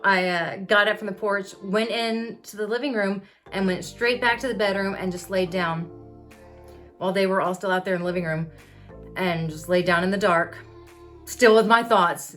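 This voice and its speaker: Fairly even in intonation and fairly bright in tone, a woman's mid-range voice moves at normal speed over faint music. She's in her thirties, vlogging candidly about her epilepsy and speaking to camera in an open, confessional way with conversational fillers.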